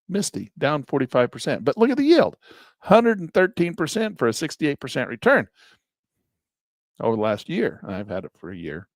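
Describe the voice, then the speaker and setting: A man's voice: medium pitch, no echo. A man giving folksy, self-amused commentary on his investments while sharing his screen. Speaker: investing vlogger. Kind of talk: casual screen-share commentary.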